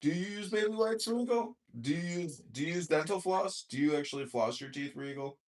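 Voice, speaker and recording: A man's voice: on the high side, a little fast. A man hosting a crude, casual political chat in an online voice room, blunt and profane, given to rants. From Chicago area, US. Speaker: podcast host and mayoral candidate.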